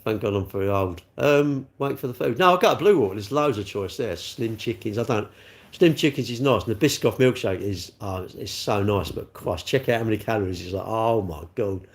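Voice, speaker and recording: A man's voice: lowish voice, lively intonation, fairly quick. A middle-aged man chatting bluntly on a livestream, reading out comments and mocking himself. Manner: chatty, blunt, self-mocking, laughs often. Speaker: livestream host, car dealer.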